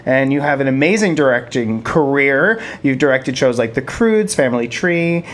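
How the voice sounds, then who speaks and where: A woman's voice: a bass voice, lively intonation, moderate pace. A woman co-host asking interview questions in an enthusiastic, complimentary way. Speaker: podcast co-host.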